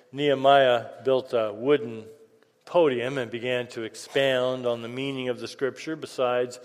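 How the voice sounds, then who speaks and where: A man's voice: on the high side, darkish tone. A man preaching a sermon in a church sanctuary, conversational and sometimes joking. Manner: conversational, jokey asides. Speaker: pastor. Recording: long hall reverb.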